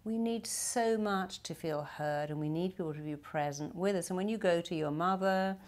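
A woman giving a motivational talk, earnest and storytelling. She slows down to stress her key points. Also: on the low side, a little mellow. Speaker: therapist and motivational speaker. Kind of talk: motivational talk with personal stories.

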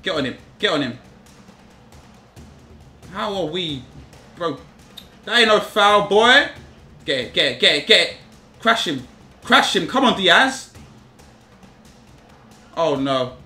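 A young man commentating live on his own football game, repeating himself and shouting in frustration at his players. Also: high voice, big pitch swings, slow, long pauses, reverberant, faint music behind. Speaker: gaming YouTuber.

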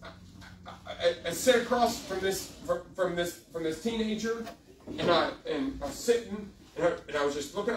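A man's voice: sits high, a little fast, slight background noise. A man preaching a sermon as a youth pastor, emphatic, with many restarts and rising climaxes. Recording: echoey room heard from a distance.

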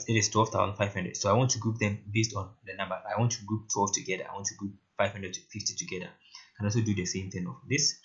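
In a lowish but fairly bright voice, a man casually guides viewers through a coding tutorial recorded from his screen, returning again and again to "right?" and "very interesting." The audio is muffled and lo-fi, and typing and clicks fill the background.

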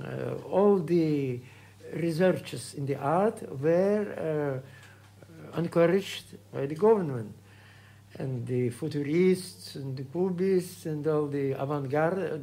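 A man in his eighties from Russia, speaking English with a Russian accent, recalling his past at home in a halting way full of hesitations. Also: fairly high pitch, creaky, mellow. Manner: halting, many hesitations and restarts. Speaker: composer being interviewed. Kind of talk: reminiscing interview.

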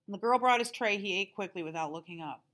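A teacher reading a novel aloud to her class in a calm, steady storytelling manner. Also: medium pitch, fast talker.

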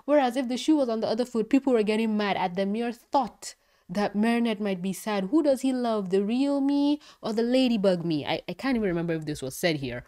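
A woman giving an excitable, casual review of a cartoon episode, swearing freely. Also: fairly high pitch, a little fast. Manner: excitable, swearing, laughing often. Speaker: show reviewer.

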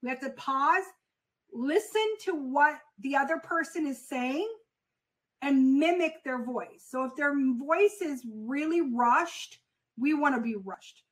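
A woman's voice: sits high, slow, a bit bright, rough recording. A woman teaching a casual sales lesson, talking straight to her class and repeating her main points with plenty of fillers. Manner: instructive and repetitive, with fillers; conversational, addresses the class directly. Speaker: sales coach for freight brokers.

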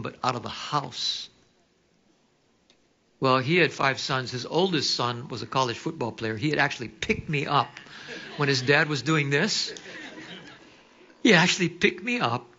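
A man preaching a sermon, telling stories with animation and dropping to hushed asides. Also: medium pitch, lo-fi sound. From Hawaii. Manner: animated storytelling, drops to hushed quoted asides. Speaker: pastor.

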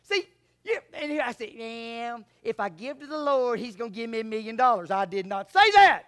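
Animated high-pitched preacher man. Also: moderate pace. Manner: animated, swings from quiet asides to loud shouts. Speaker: pastor. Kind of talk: sermon.

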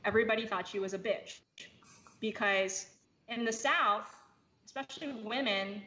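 Bright-voiced woman chatting thoughtfully. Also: mid-range voice, moderate pace. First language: English. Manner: thoughtful, many fillers and restarts. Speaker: podcast guest. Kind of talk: casual chat. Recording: slightly dull lo-fi audio with faint noise.

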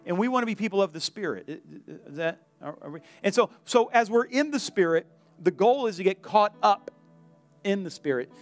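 A man with a high, light voice preaches to his church, animated and lively. He acts out the voices of the people in his story. Faint instrumental music plays softly behind him. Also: fairly quick. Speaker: pastor. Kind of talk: sermon. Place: church sanctuary.

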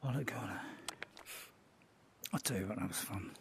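A man's voice: on the low side, normal speed, vocal fry, a bit bright, slight background noise. A man giving playful, joking commentary while playing a VR game and chatting to its characters. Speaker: gaming channel host. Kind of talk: casual VR gameplay commentary.

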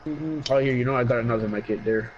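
A man streaming a video game and chatting casually with friends, swearing and trash-talking excitably. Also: mid-range voice, fast talker, lo-fi sound, slight background noise. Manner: profane, excitable trash talk. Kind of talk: casual gaming chat.

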